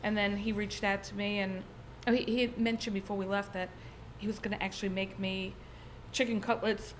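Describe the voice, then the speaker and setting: A middle-aged woman with a Long Island accent, chatting as a podcast guest and telling stories in a lively, talkative way. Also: medium pitch, fairly quick, a little hiss or hum. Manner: chatty, animated storytelling. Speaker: podcast guest, real estate agent. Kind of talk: casual chat.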